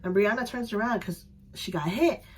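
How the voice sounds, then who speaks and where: A young woman vlogger casually telling a story to camera, animated and acting out voices, her voice a little strained. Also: moderate pace, husky. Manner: animated, acts out voices with loud high yells. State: voice slightly strained.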